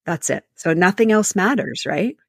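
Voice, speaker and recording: A woman's voice: fairly low pitch, animated, normal speed, no echo, studio quality. A woman leadership coach, a guest on a podcast, giving advice in an emphatic, story-driven way. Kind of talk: conversational podcast interview.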